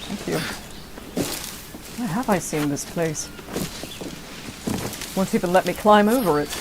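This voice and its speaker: Low-voiced woman muttering through gameplay. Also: lively intonation, a little slow, background noise. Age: 30s. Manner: mutters to herself and talks back to the game. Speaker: game streamer. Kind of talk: casual gameplay commentary.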